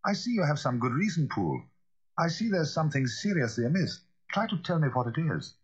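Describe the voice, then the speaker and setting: A man voicing a composed middle-aged male Victorian lawyer who speaks in a measured, formal, gently commanding way. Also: on the high side, very animated, breathy edge, pitched above the performer's own voice. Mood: urgent. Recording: dull lo-fi recording.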